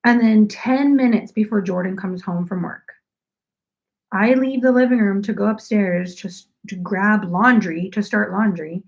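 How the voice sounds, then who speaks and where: A woman with a mid-range, slightly mellow voice speaks at a measured pace while hosting a knitting livestream from home. Her talk is rambling and chatty, with "like" sprinkled everywhere.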